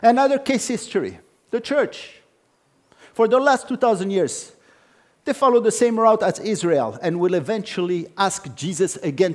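Brief: male preacher, fairly high-pitched, emphatic, sermon delivery with storytelling asides. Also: darkish tone. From Jewish background, no country stated.

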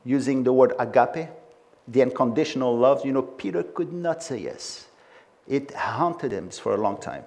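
A man's voice: medium pitch, lively intonation, normal speed, a little mellow. A man preaching a sermon with emphatic delivery and frequent conversational asides.

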